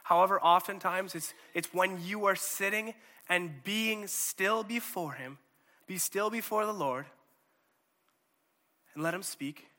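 A man preaching a sermon in a conversational, animated way, often checking in with his listeners. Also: sits high, a little slow, big-room sound.

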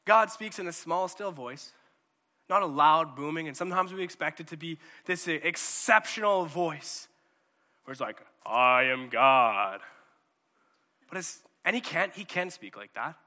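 Man, sermon, conversational, keeps asking "okay?", bright tone, echoing hall. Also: fairly high pitch, moderate pace. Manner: conversational, animated, checks in with "okay?" and "right?". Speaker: preacher.

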